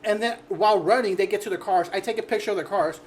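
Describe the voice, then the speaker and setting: A man hosting a podcast, telling an animated work story with swearing and bursts of laughter. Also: sits high, fast talker, a little hiss or hum. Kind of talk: casual chat.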